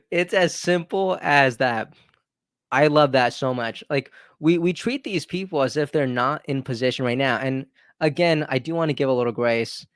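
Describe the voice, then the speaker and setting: A man's voice: mid-range voice, normal speed, clean tone, dry recording, clean studio sound. A man hosting his own commentary video, talking casually with emphatic asides and frequent restarts. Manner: conversational, repetitive restarts, emphatic rhetorical asides. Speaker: political commentary host.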